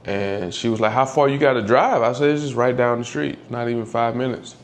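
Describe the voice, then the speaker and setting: A man telling the story of losing his old dog, candid and halting, often close to tears as his voice drops. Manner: candid, halting, swears, voice drops low when upset. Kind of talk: emotional personal storytelling.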